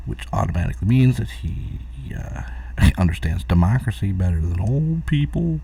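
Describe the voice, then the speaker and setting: A man's voice: low voice, animated, normal speed, creaky, warm tone, slightly rough, recorded from a distance. A middle-aged man hosting a rambling solo live stream from home, distracted and chuckling at his own jokes. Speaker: host of a live talk stream.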